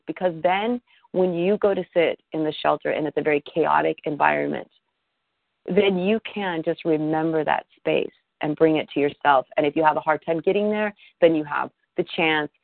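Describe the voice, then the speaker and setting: A woman leading a Reiki teleclass, gently encouraging and repeating her points. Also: sits low, gravelly, no echo. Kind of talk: teaching on a phone call. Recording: tinny phone line, dry.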